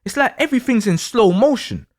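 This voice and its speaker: A man telling a dramatic second-person story, in an animated way. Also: extremely high pitch, a little fast. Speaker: astrology storyteller.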